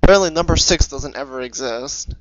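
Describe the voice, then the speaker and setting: A man co-hosting with sarcastic, casual commentary, swinging from mumbles to loud outbursts. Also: medium pitch, a little fast, dry recording. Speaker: co-host. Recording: dull lo-fi recording.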